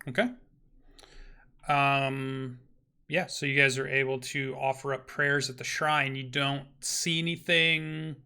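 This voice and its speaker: A man running a tabletop game as game master. He narrates haltingly, restarting often. His voice is bright and forceful, at a middle pitch. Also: level tone, smooth. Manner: halting, many ums and restarts.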